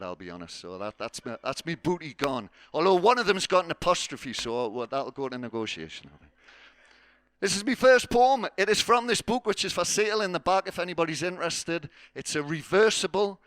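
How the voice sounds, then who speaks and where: Man, stage host, rambling self-mocking banter, high bright voice. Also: dry recording. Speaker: host of a spoken word night. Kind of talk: jokey live stage hosting. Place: festival stage before a live audience.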